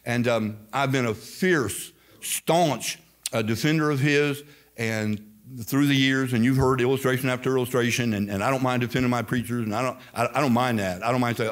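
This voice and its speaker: Emphatic older pastor preaching. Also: male voice, medium pitch, a little fast. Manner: storytelling, emphatic, repeats phrases. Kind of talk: sermon. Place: church sanctuary.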